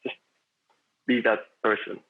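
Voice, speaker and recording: A man chatting as a podcast guest, rambling and philosophical, with lots of fillers and restarts. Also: a little slow. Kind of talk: casual conversation. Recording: tinny phone-like line.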